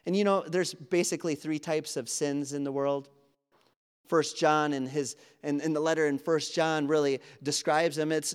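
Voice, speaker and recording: A slightly high, clean-toned male voice delivers an earnest, conversational sermon, performing quoted lines of dialogue. The recording, made in a church sanctuary, carries a long hall reverb.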